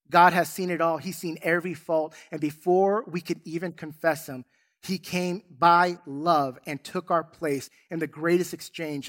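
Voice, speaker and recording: A man's voice: a little high, fairly bright tone. A male pastor with a slightly raised voice delivers a sermon in a church sanctuary. He preaches emphatically, weaving in stories, and his delivery rises and falls with the message. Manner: emphatic, storytelling.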